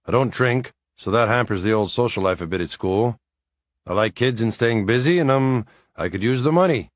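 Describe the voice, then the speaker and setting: A man's voice: lowish voice, lively intonation, moderate pace, dry recording, clean studio sound, natural voice. A man voicing a cheerful young Irish lad. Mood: chatty. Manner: chatty, upbeat, self-mocking. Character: young Irish male nanny, cheerful and joking.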